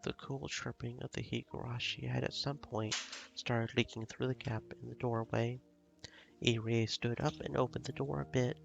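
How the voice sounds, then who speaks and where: A man reading a visual novel aloud as a live stream, in measured, steady storytelling. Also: mid-range voice, gravelly, muffled recording, faint music behind.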